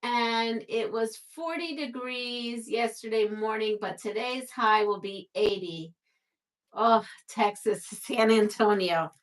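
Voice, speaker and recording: A woman's voice: a little high, fairly even intonation, slow pace. A woman from Brooklyn hosting a casual live stream, chatting, reading viewer comments aloud and laughing often. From Brooklyn, New York.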